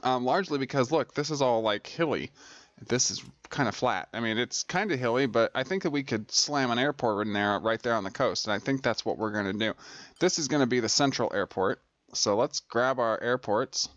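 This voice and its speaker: A man's voice: medium pitch, a little fast, fairly bright tone, no echo, highs cut off. A man hosting a gameplay video, talking casually with lots of fillers and restarts as he thinks aloud. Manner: rambling, many fillers and restarts. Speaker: gaming video host. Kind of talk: casual let's-play commentary.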